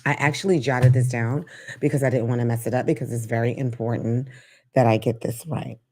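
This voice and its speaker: Low-voiced sassy woman talk host. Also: brisk, a little hiss or hum. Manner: frank, sassy, animated, laughs at own jokes. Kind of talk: live call-in show monologue.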